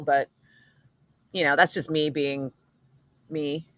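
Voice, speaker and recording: A middle-aged woman radio host talks loosely with her listeners, frank, chatty and quick to laugh, with a swear word here and there. Her voice sits a little low but sounds bright and forward. The close mic is dry, with no room sound at all. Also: fairly even intonation, no echo. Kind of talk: casual live chat between radio segments.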